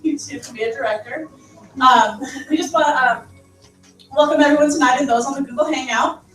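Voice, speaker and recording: High woman, meeting leader, upbeat, roomy far-off sound, music behind. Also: fairly quick, a bit bright. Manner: upbeat, cheering often. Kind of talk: leading a sales team meeting.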